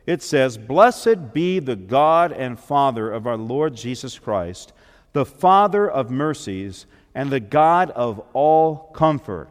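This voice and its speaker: A man, a minister, preaching a sermon as an earnest storyteller who builds up and then drops soft. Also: mid-range voice, expressive, slow pace. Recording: long hall reverb.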